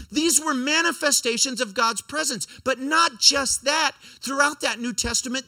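A man in his forties preaching a sermon to a youth group, animated and storytelling, sometimes acting out the voices of teenagers. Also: very high voice. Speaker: pastor.

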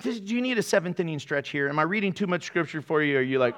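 A man with a high voice preaches a casual sermon to his congregation. He jokes between scripture readings and keeps the tone playful. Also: lively intonation, brisk, few pauses, fairly bright tone. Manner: playful, jokey asides to the congregation. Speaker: pastor.

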